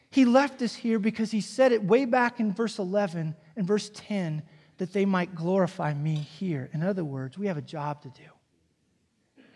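A male pastor preaching a sermon, telling lively stories, acting out quoted voices and dropping to a hushed near-whisper. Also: very high-pitched, in a large hall.

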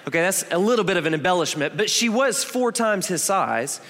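Brisk and expressive, this thirtysomething pastor's high, somewhat bright voice carries through the long reverb of a church hall. He preaches in the auditorium by telling stories in a conversational manner and hammering his points with repetition.

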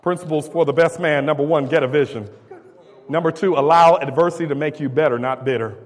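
Man, preacher, sermon, slightly high voice, call and response, long hall reverb. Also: brisk.

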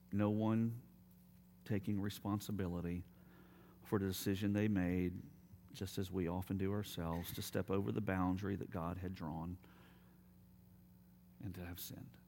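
A man preaching a sermon as pastor, telling stories and dropping to quiet, emphatic appeals. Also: deep voice, steady tone, moderate pace, pauses often, a little hiss or hum.

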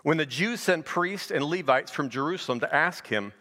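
A man's voice: fairly high pitch, animated, moderate pace, bright, forceful tone, in a large hall. A middle-aged male pastor giving a conversational verse-by-verse sermon, asking rhetorical questions as he goes. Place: church sanctuary.

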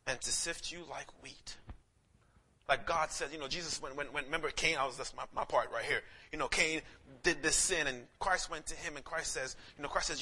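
A young man preaching a sermon in a lively storytelling way, with casual slang and many quick restarts. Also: fairly high pitch, slight background noise. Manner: animated storytelling, slips into quoted voices, frequent restarts.

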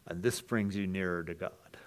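A man preaching an earnest sermon, dropping to hushed lines and then rising to loud, emphatic ones. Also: sits low, moderate pace, slight background noise. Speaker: pastor.

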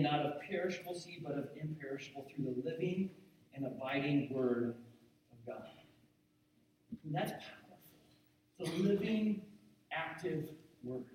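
A man's voice: a little high, a little mellow, slight background noise. Preaching man in an echoey hall. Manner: earnest preaching, building to emphatic repetition. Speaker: pastor. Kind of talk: sermon. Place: church sanctuary. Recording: very echoey hall, mic at a distance.

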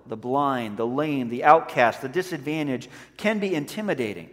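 A man's voice: high-pitched, in a large hall. A man preaching a sermon as pastor, earnest and conversational, telling a story and acting out voices in it.

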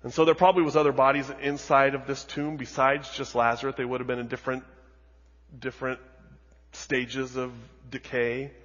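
A man preaching a sermon as a pastor, telling the story dramatically with lots of repetition and moving between hushed and loud delivery. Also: mid-range voice, flat delivery, moderate pace. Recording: dull audio with long hall reverb.

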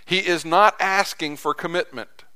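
A man's voice: a little high, normal speed, sharp tone, smooth. A man preaching a sermon as pastor in a conversational way, repeating phrases for emphasis.

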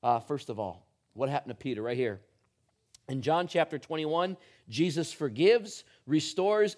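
A middle-aged man preaching a sermon, telling a funny personal story with animated, humorous delivery. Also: on the high side. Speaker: pastor.

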